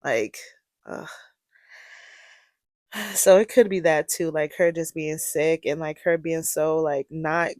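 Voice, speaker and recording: A young woman talks straight into a close mic on her own podcast, with a dry, roomless sound. She swings between low, quiet musing and loud, fired-up rants, peppered with slang and swearing. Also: fairly even intonation, slow pace, pauses often, no echo. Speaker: podcast host. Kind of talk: casual monologue.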